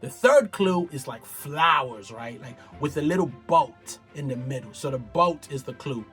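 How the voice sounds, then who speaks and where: A man's voice: medium pitch, moderate pace, faint music behind. A man talking casually and animatedly in slangy commentary, recapping a TV show. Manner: animated, slangy, acts out others. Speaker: TV recap vlogger.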